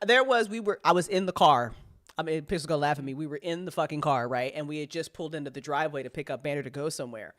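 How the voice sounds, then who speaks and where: A woman co-host in casual chat, telling profane, animated stories. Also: low-pitched, fast talker. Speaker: co-host, audio drama creator.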